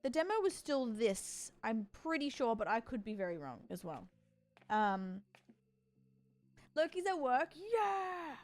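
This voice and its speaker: A woman streaming a game, chatting with her viewers and reading character lines aloud in a lively way. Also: on the high side, measured pace, soft background music. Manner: animated, reads game dialogue aloud and greets chat. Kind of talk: casual game commentary.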